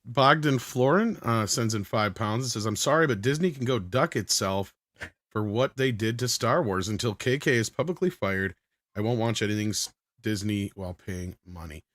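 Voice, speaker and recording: A man's voice: lowish voice, a bit bright, no room sound. A man hosting a casual pop-culture panel show, reading viewer messages and joking with the guests. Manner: joking, quick to laugh.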